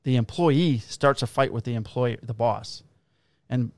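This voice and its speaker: Brief: male cop co-host, mid-pitched voice, swears freely, acts out the quotes, close dry mic. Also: a little slow, no room sound. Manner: profane, animated storyteller who acts out quotes. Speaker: police officer and podcast co-host. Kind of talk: casual chat, storytelling.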